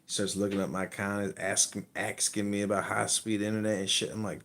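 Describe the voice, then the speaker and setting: A podcast host with a lowish voice rambles through profane comic stories. He swears often and hops between tangents. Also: flat delivery, brisk, a bit bright. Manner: crude, rambling, heavy swearing. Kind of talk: profane comedic storytelling.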